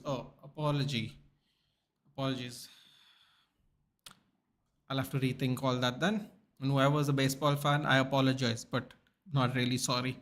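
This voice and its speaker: A man's voice: medium pitch, little pitch movement, normal speed, pauses often, a bit bright. A man hosting a live football watchalong, chatting casually and answering viewer questions while tired from a sleepless night. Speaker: sports channel host. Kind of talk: live match watchalong commentary and chat replies.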